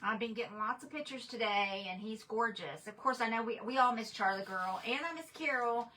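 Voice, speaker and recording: Chatty woman with a bright voice. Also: a little high, brisk, far from the mic, low-quality recording. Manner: chatty, rambling, with frequent restarts and fillers. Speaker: host of a crafting livestream. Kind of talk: casual livestream chat, reading viewer comments aloud.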